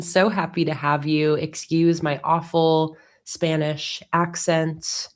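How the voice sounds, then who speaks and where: Woman host, low voice, upbeat chatty livestream greetings at her desk. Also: flat delivery, slow pace, hardly any pauses. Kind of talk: casual livestream chat.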